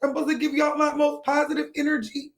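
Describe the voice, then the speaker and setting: A woman's voice: high voice, little pitch movement, quick pace. A young woman talking to her viewers on a livestream, tearful with her voice breaking, rambling and pleading. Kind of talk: emotional livestream talk to viewers.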